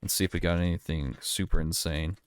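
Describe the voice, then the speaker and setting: A man casually talking through a card pack unboxing, relaxed and chatty, thinking aloud as he goes. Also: low voice, brisk, a little hiss or hum. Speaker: card collector streamer.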